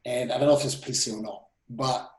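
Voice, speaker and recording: A man in his thirties telling personal stories in an interview, animated and full of restarts and quoted self-talk. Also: medium pitch, a little fast. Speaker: guest speaker. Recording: roomy echo.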